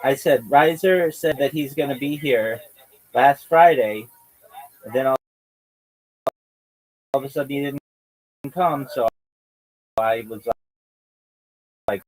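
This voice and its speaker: Man, livestream host, drawn-out slangy and profane chatter, mid-pitched. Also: darkish tone, low-quality recording. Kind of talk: casual livestream chat.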